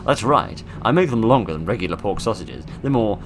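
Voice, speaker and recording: A man's voice: lowish voice, animated, a little fast, over music, natural voice. A man putting on a lisping, creepy innkeeper. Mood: creepy cheerful. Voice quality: lisp. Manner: odd stresses on words, sinister cheer. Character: creepy grinning male innkeeper with a lisp.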